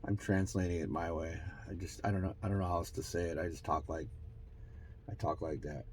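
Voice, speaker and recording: A man's voice: steady tone, fairly quick, husky. A man hosting his own show, musing aloud in a rambling, self-mocking way, trailing off and restarting as he relays channeled messages. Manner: pitch and loudness swing widely, from bright bursts to low mutters. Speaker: host. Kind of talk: casual spiritual channeling monologue.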